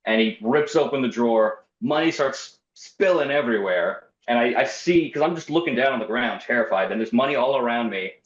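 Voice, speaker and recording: A man's voice: medium pitch, lively intonation, a little fast, few pauses. Wry young man telling a story. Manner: wry, self-deprecating, acts out quoted voices. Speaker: storyteller guest. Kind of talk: casual personal storytelling. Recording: roomy, slightly dull podcast audio.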